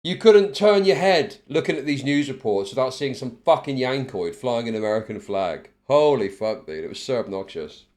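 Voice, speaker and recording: A man's voice: medium pitch, animated, normal speed, few pauses, a little mellow. A man giving blunt, profane live-stream commentary on news clips, laughing often.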